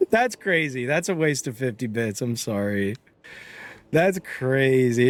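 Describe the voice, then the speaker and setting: A man's voice: mid-range voice, sing-song, a little slow. A young man streaming a game live, chatting casually and rambling, breaking off mid-sentence and laughing often, with hiccups. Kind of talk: casual live-stream chat while gaming.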